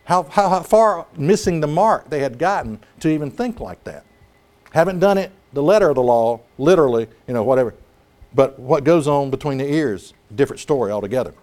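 A man preaching a sermon, animated and dramatic, acting out scripture scenes as he talks. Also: fairly high pitch, a little fast.

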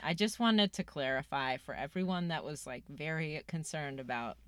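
A woman's voice: deep voice, moderate pace, fairly bright tone, smooth, dry recording. A woman co-hosting a podcast, talking casually with lots of fillers and asides. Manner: chatty, self-correcting, frequent "like" and "um". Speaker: podcast co-host. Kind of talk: casual chat.

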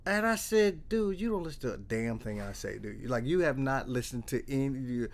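A man's voice: medium pitch, fairly quick. A middle-aged man, a trauma therapist, telling a story in casual conversation and acting out the dialogue with lots of restarts. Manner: animated storyteller, acts out dialogue, repeats and restarts.

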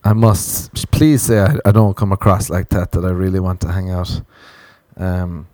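A young Irish man doing a comic monologue on a podcast, swearing freely and mocking himself in an animated rant. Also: low-pitched, moderate pace, no room sound.

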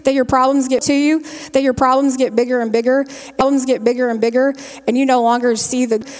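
A woman's voice: high-pitched, fairly even intonation, brisk. A woman giving a homespun devotional talk in a folksy way, repeating her phrases as she goes. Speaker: lay speaker giving a devotional. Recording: long reverb of a large hall.

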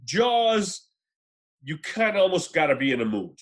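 A man co-hosting a casual movie podcast, telling stories with animated energy and acting out the people he quotes. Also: high-pitched, measured pace. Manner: animated storyteller, acts out quoted voices. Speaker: podcast co-host. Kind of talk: casual movie chat and storytelling.

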